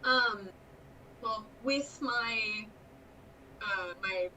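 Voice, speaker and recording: A woman's voice: a little high, very slow, recorded from a distance, slight background noise, poor audio. A young woman, a scare actor guest, telling stories animatedly and acting out the voices of the people she quotes. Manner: animated storyteller, acts out quotes, frequent laughs. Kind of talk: casual interview chat.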